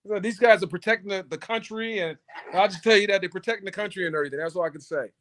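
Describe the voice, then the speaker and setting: A man with a high voice calls into a live stream. He sounds relaxed and sure of himself, with a few hedges as he gives his take on a legal fight. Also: rapid-fire. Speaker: caller guest. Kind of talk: casual call-in chat.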